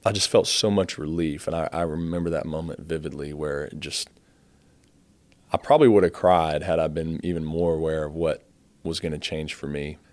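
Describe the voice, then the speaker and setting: A young man telling his life story in a quiet, halting way. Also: extremely low pitch, fairly even intonation, no room sound. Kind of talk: personal testimony, told plainly.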